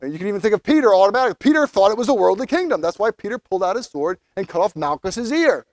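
Man, pastor, animated sermon delivery, high-pitched, dry close recording. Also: racing, no echo. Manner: animated preaching, voicing biblical figures in quotes.

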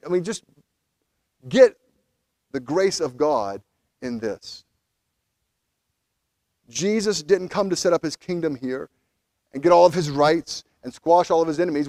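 A pastor preaching a sermon, animated, acting out quoted figures as he goes. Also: high-pitched, dry recording.

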